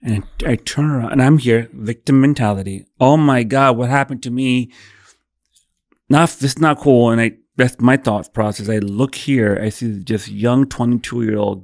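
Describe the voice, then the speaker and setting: A man's voice: lowish voice, gravelly, a little mellow, dry recording, studio quality. A man in his thirties, a podcast guest, telling an emotional story, acting out dialogue and swearing freely. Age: 30s.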